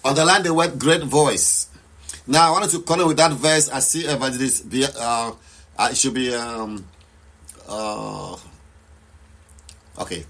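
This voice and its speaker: A man's voice: medium pitch, a little slow, long pauses, a bit bright. A man preaching and leading a live prayer session, urging listeners to declare aloud and pray with passion. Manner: repeats declarations with rising intensity. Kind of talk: fervent live sermon and prayer.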